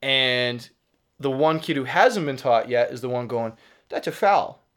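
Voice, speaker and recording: A man's voice: mid-range voice, measured pace. Man, Boston accent, soccer show co-host, casual chat, fillers and restarts. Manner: animated, chatty, many fillers and restarts.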